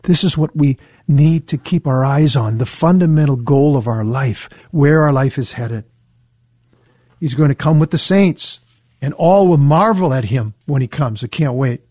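A man reading Bible verses aloud and explaining them in an earnest teaching style. He reads slowly and leans on key words. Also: medium pitch, mellow, no echo, studio quality. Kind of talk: scripture reading and commentary.

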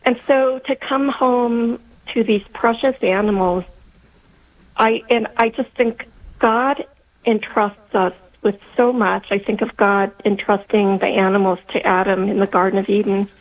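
A woman's voice: medium pitch, steady tone, unhurried. A woman in her fifties calling into a radio show over the phone, speaking heartfelt and faith-filled. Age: 50s. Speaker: caller. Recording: phone line.

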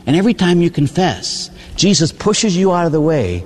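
An older man, a priest, preaching about confession in an animated storytelling way, acting out voices and tagging his points with "huh?". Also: fairly high pitch, moderate pace. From Pittsburgh, USA. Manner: animated storytelling, acts out quoted voices, tag questions "huh?". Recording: echoey hall with long reverb.

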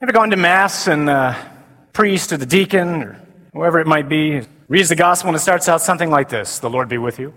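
Animated priest preaching in a hall. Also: male voice, fairly high pitch. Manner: animated, shifts from loud emphasis to slow quiet declarations. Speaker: Catholic priest. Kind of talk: sermon to a men's conference. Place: large conference hall. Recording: reverberant conference hall.

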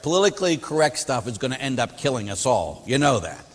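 A man, a Catholic priest, preaching a sermon in an animated, emphatic, anecdotal way. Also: medium pitch, fairly quick, few pauses. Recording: long reverb of a hall.

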